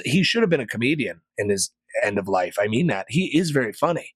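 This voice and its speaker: A man hosting a podcast, ranting sarcastically in a casual monologue and jumping to loud, high peaks. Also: sing-song, brisk, few pauses, slightly rough, dry recording. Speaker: podcast host.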